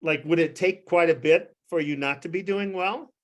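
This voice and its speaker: A man's voice: a little high, normal speed, voice pushed up, lightly acted. A man quoting a tactful office manager lady. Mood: gently probing. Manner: gently leading, diplomatic.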